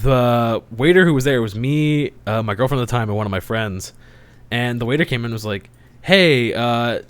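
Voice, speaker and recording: A man's voice: medium pitch, fairly bright tone. A young man on a casual podcast, telling a story, swearing and laughing as he gets worked up. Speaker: podcast co-host.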